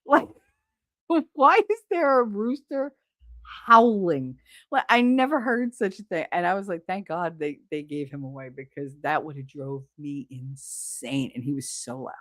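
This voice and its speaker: A woman's voice: low voice, moderate pace, hardly any pauses, no room sound, clean studio sound. A middle-aged woman hosting a live stream, chatting casually and bluntly, swearing freely while she reads viewers' comments.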